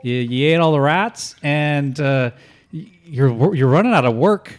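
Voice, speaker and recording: Halting male game master. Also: fairly high pitch. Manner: halting, full of fillers and restarts. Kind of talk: improvised game narration.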